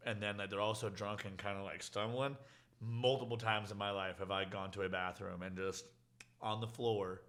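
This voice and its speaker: A man's voice: fairly low pitch, steady tone, normal speed, a bit bright. A man guesting on a casual chat, telling wry, laid-back stories about bar work. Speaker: guest, bartender and singer.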